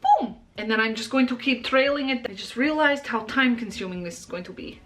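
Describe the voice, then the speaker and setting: A young woman talking through a makeup tutorial in a bubbly, excitable way, playfully praising herself. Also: on the high side, fairly quick. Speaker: makeup vlogger.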